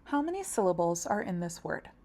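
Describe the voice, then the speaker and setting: A woman's voice: lowish voice, very animated, darkish tone. Patient woman teaching a language lesson. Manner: patient, encouraging, spells out sounds slowly. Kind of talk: friendly scripted lesson.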